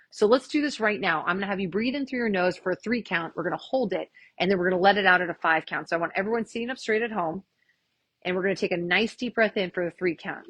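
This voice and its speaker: A woman chiropractor leading a stress workshop in a chatty, self-mocking way and guiding the listeners through slow breathing counts. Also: medium pitch, fairly bright tone, husky, no room sound. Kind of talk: casual live workshop talk.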